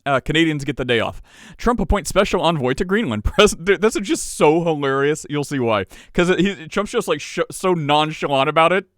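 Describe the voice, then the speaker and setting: A man's voice: a little high, animated, a little fast, no room sound, studio quality. A man co-hosting a podcast, reading news stories aloud with sarcastic asides and laughs. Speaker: podcast co-host.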